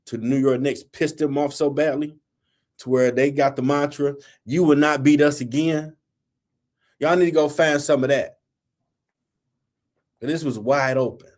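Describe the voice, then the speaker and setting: A man's voice: medium pitch, darkish tone. Blunt, heated male sports talk host. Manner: blunt, heated, colloquial, scolding. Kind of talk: opinionated sports rant.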